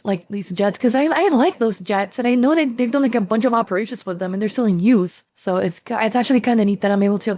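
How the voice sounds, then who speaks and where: A woman streamer reacts to a video in loose, chatty commentary, stumbling through restarts and swearing freely. Her voice sits a little high. The recording is dry and close, with no room echo. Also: a little mellow.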